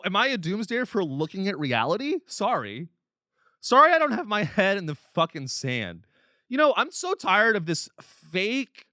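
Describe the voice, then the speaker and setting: A man's voice: sits high, pushed and bright, dry recording, studio quality. A man hosting a podcast, ranting with profanity and exasperation, slipping into mocking voices of other people. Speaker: podcast host. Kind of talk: comedic rant.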